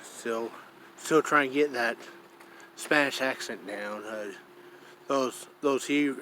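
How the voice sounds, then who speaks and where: A man from Iowa, vlogging casually outdoors, rambling slowly and calling himself by his own name in the third person. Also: medium pitch, bright, forceful tone, slight background noise. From Iowa, USA. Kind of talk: casual vlog to camera.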